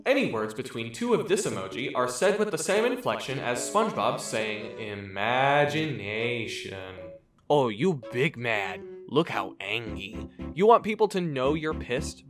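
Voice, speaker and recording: Sarcastic man roasting in lively swings. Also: medium pitch. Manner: sarcastic roasting, swinging between flat asides and shouts. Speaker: YouTuber. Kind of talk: scripted comedic commentary.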